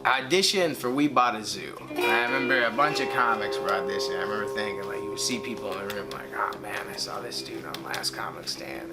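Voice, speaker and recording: A man telling a casual anecdote in a rambling, halting way. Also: lowish voice, loud music behind the voice. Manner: rambling, halting, lots of fillers.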